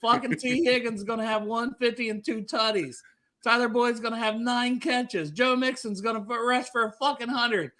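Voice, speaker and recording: A man, co-hosting a casual sports podcast and loudly trash-talking a rival team. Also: extremely high pitch, a little fast, hardly any pauses. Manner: loud, profane trash talk. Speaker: podcast co-host.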